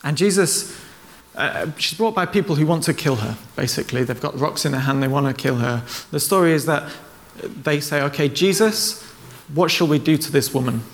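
A man's voice: a little high, animated, moderate pace. A man preaching a sermon, retelling stories in a conversational way and acting out the quoted lines.

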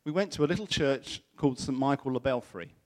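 In the middle of a sermon, a middle-aged man with a medium pitch talks a little fast. He tells a personal story with animation, performing the voices of the people in it.

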